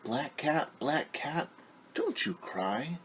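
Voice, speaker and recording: A man doing a mother's soft sing-song lullaby. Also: fairly high pitch, big pitch swings, slow pace, slight background noise, pitched above the performer's own voice, exaggerated voice. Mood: soothing, lilting. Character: gentle mother singing a lullaby to her baby.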